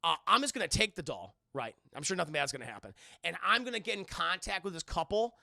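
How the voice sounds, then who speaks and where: Laid-back profane priest, played by a man, gravelly and offhand. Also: high voice, very animated, fast talker, bright, forceful tone, no room sound, clean studio sound, heavily acted. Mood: dismissive. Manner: offhand, dismissive.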